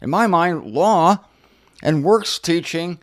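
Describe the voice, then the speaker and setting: A middle-aged man teaching the Bible in an unscripted monologue, sarcastic and animated as he answers objectors directly. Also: on the high side, slow. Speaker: Bible teacher and show host.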